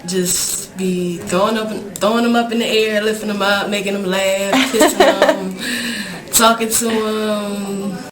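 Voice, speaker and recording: Soft-spoken young woman in echoey room. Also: medium pitch, fairly even intonation, measured pace, hardly any pauses. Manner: soft, hesitant, fillers and "like". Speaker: incarcerated mother, interviewee. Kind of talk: documentary interview, casual talk. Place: prison visiting area. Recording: echoey room with crowd behind.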